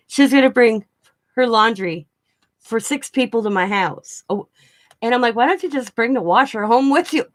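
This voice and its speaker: A woman's voice: mid-range voice, a bit bright. A middle-aged woman chatting casually to her viewers, rambling and laughing often as she tells stories. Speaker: craft vlogger. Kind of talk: casual storytelling chat.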